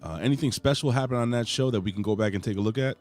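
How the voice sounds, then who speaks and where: A man's voice: medium pitch, racing, a little mellow, soft background music. A man hosting a casual wrestling podcast, talking in a boisterous, hype-man way with plenty of swearing. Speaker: podcast host.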